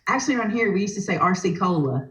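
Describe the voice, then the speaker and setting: A woman's voice: mid-range voice, lively intonation, racing. Chatty woman in a roomy room. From Alabama. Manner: chatty, enthusiastic, laughs easily. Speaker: guest. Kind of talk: casual livestream chat.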